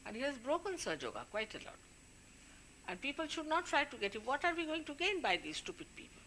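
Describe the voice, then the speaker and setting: A woman's voice: high voice, big pitch swings, fast, bright, forceful tone, a little hiss or hum. A woman, a spiritual leader, giving an informal talk to her followers, warning and scolding them in a conversational way.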